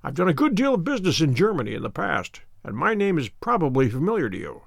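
A man voicing a calm, witty male detective who speaks with dry, courteous irony, in an audiobook reading. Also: on the high side, fast, creaky, dry recording, exaggerated voice. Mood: wry.

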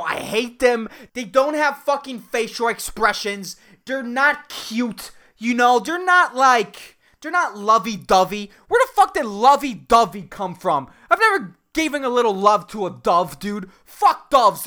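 A man's voice: extremely high pitch, very animated, unhurried, pushed and bright. A man hosting a solo podcast. He rants angrily, rambles, restarts, and swears constantly. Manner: crude, profane, angry ranting. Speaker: podcast host. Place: seated indoors at home.

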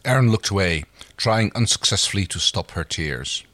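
A man's voice: low-pitched, animated, normal speed, fairly bright tone, dry recording. A man co-hosting a story reading, reading aloud with laughing asides. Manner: laughs easily, apologetic slips.

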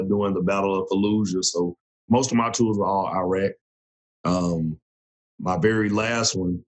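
A man in his thirties, a former Marine turned coach, telling his story in a relaxed, casual way with frequent laughs. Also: low-pitched. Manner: relaxed, laughs often, restarts sentences.

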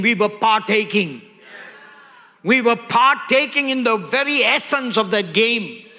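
A man's voice: very high voice, pushed and bright. Emphatic older male preacher in an echoey hall. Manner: emphatic, call-and-response questions. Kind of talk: sermon.

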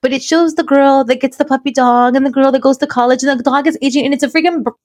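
A woman's voice: sits high, steady tone, fast talker, a little mellow, no echo. A middle-aged woman hosting a casual chat over a video call, telling stories animatedly and mixing Spanish phrases into English. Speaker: podcast host.

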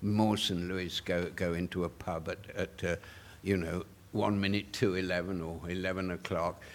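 A man's voice: deep voice, fairly even intonation, moderate pace. An older man tells stories at a public Q&A. He keeps stumbling over and repeating his words, with little chuckling asides. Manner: stammering repetitions, chuckling asides. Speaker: author guest at a public Q&A. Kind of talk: anecdotal storytelling.

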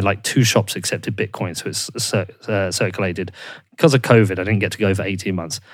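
A man's voice: lowish voice, no room sound. A man hosting a casual interview, ranting passionately and swearing freely. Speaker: podcast host.

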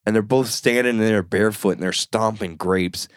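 A man co-hosting a podcast in casual chat, telling stories with lively acted-out voices. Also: fairly low pitch, moderate pace, clean tone, no echo, studio quality. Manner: animated storyteller, acts out others' voices. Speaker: podcast co-host.

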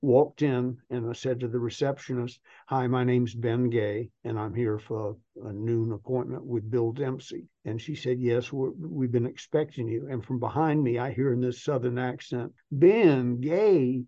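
A man's voice: mid-range voice, steady tone, moderate pace, hardly any pauses, dark tone, no room sound, lo-fi sound. Older man telling folksy sales stories. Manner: folksy anecdotal storyteller. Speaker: sales trainer guest. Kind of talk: storytelling interview.

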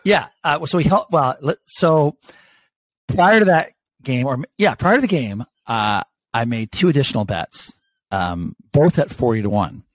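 A man's voice: medium pitch, measured pace, dry recording. A man co-hosting a casual sports podcast, telling stories about his bets with lots of swearing. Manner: animated, swearing, storytelling. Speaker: podcast co-host.

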